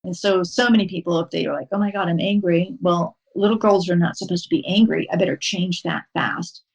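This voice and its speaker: A woman speaking as a podcast guest, her voice sitting a little low. She walks through a practice in a calm, unhurried, instructive way, stopping now and then on an um before going on. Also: vocal fry, husky, rough recording. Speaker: podcast guest, horse-assisted wellness coach. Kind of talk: explaining a mindfulness practice in a podcast interview.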